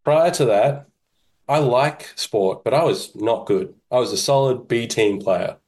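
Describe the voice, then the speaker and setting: A man, a podcast guest talking in a relaxed, self-deprecating way with halting restarts. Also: mid-range voice. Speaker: podcast guest, kettlebell instructor. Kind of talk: casual interview chat.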